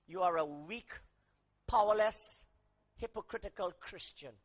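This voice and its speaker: A man preaching a sermon, dropping to quiet asides, rising to shouted emphasis, and acting out quoted voices. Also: sits high, a little slow.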